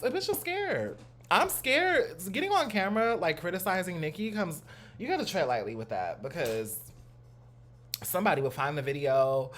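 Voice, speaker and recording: A young man hosting his own channel, chatting in a casual, animated way with lots of slang and asides, at home on a new studio mic. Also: fairly high pitch. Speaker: host. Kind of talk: casual reaction commentary.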